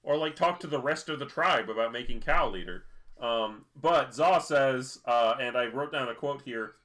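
A man chats his way through an episode recap, circling back with fillers and restarts as he goes. His voice is bright and sits at an ordinary mid pitch, and his speech stays loose and conversational. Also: expressive, moderate pace. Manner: rambling, many fillers and restarts. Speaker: podcast co-host. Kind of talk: casual chat recapping an episode.

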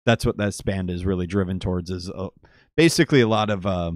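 Laid-back, low-voiced guest man. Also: fairly quick, no room sound, studio quality. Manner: laid-back, hesitant with many "uh" fillers. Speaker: guest musician. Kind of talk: casual podcast chat.

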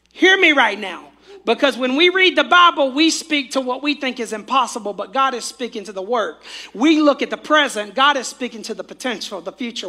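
High, bright-voiced fervent preacher man. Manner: fervent, calls on the congregation to repeat after him. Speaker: pastor. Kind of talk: sermon.

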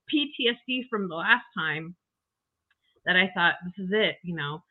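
A woman's voice: fairly low pitch, expressive, normal speed. An older woman telling her health story in a chatty, emotional way as an interview guest, full of restarts and asides. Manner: chatty, emotional, frequent you-knows and restarts. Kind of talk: casual personal story. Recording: tinny phone-like call audio.

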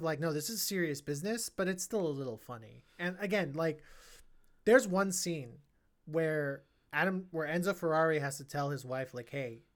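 A podcast co-host in casual film review chat, talking in an animated, chatty way with many fillers and restarts. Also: mid-range voice.

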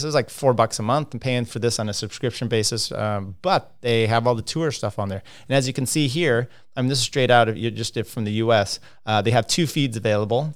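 A man's voice: mid-range voice, smooth. A man hosting a casual cycling livestream, rambling with lots of fillers and restarts as he talks through standings and viewer comments.

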